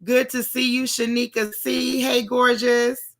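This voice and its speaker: A middle-aged woman with a slightly higher voice runs a casual livestream, chatting in easygoing slang and calling out viewers by name. Her throat is still on the mend, and she keeps talking on a home stream mic. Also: level tone, measured pace, gravelly. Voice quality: throat recovering. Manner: warm, chatty, Southern-style slang, calls viewers y'all. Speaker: livestream host. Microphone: live stream mic with sound trouble.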